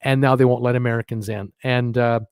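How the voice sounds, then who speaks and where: A man's voice: medium pitch, steady tone, fairly quick, smooth, no room sound, clean studio sound. A man hosting a live cruise news show, rambling with many fillers and restarts and dropping sardonic asides. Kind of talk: live-stream news commentary.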